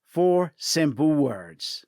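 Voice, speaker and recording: A man doing a gruff old American detective. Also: fairly high pitch, big pitch swings, extremely slow, a little mellow, no room sound, studio quality, exaggerated voice. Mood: dry. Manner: curt, sarcastic, dismissive. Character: gruff older American male detective, blunt and dry.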